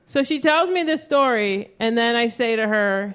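A woman performing a stand-up comedy set, telling stories animatedly and acting out her own yelling. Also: on the high side, lively intonation, normal speed, smooth. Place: live comedy stage with an audience. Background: audience laughter.

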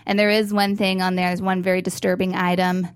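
A woman's voice: lowish voice, flat delivery, a little fast, clean tone. A young woman doing a stand-up set, laughing between jokes and stretching out her punchlines. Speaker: stand-up comedian.

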